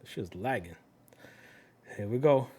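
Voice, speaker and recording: A man's voice: mid-range voice, animated, unhurried, a little mellow, slightly rough. A man with a New York accent, chatting casually with his live-stream audience, swearing freely and dropping in Spanish phrases. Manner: profane, talks straight to his chat and drops in Spanish.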